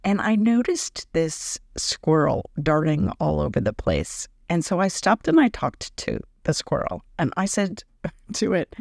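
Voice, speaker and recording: A woman talking casually on her podcast as an energy healer, animated and laughing often, acting out quoted thoughts in a higher voice. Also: unhurried, gravelly, no echo, clean studio sound. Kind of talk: casual spoken podcast monologue.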